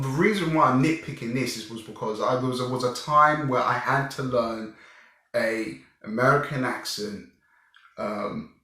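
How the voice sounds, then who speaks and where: A young man reviewing a film in a casual, animated way, often restarting his sentences and sounding exasperated. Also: medium pitch. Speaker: movie reviewer. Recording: very echoey room.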